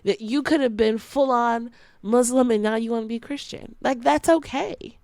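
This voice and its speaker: With a fairly high voice at normal speed on a dry recording, a young podcast host speaks casually and frankly, peppering in slang and laughs. She's animated, giving quoted friends sassy voices.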